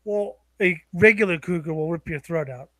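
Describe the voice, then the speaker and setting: A young man co-hosting a podcast, bantering crudely, profane and teasing, quick to laugh. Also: a little high, bright, forceful tone, dry recording. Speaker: podcast co-host.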